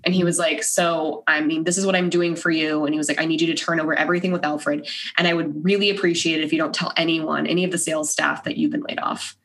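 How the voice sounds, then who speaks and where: A low-voiced woman chats as a podcast guest, telling her story in an easy, everyday way. She's animated, fast, barely pauses, leans heavily on "like," and acts out the lines of the people she quotes.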